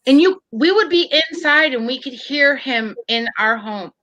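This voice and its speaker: A woman co-hosting a casual chat podcast, telling animated stories, swearing freely and acting out the people she quotes. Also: high-pitched, normal speed, no room sound, muffled recording. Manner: animated storyteller, swears, acts out quotes loudly. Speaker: podcast co-host.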